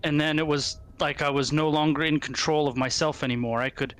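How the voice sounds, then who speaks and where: Dm doing a rattled sea captain, halting, haunted, plain everyday voice. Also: male voice, fairly high pitch, fairly even intonation, a bit bright, clean tone, close to an everyday voice. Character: shaken male ship captain, freed from mind control.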